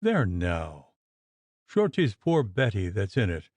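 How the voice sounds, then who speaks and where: A man voicing a young maid who coaxes gently. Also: lowish voice, huge pitch swings, slow, dry recording, full character voice. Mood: soothing. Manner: soft, coaxing. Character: soothing young Irish maid.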